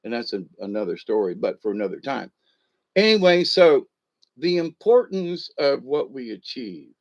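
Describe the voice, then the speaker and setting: A man's voice: medium pitch, sing-song, normal speed, darkish tone, muffled recording. A man, chuckling as he tells a rambling personal story full of ums and uhs. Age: 60s. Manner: rambling, chuckling, with many fillers.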